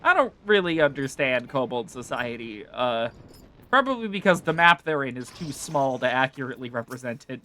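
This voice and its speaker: A man's voice: mid-range voice, big pitch swings, normal speed, pushed and bright. A man streaming a game, reading its dialogue aloud and chatting casually with profane asides. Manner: casual, profane asides between read lines.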